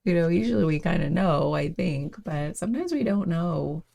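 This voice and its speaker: A woman hosting a daily reflection show, thinking aloud in a casual, meandering way with many fillers and soft laughs. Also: on the low side, expressive, normal speed, vocal fry.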